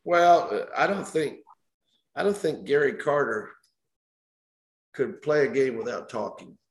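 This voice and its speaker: A man's voice: medium pitch, expressive, measured pace, roomy sound. An older man, a former baseball umpire, telling anecdotes in an interview and chuckling at his own stories. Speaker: retired baseball umpire, guest. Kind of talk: storytelling interview.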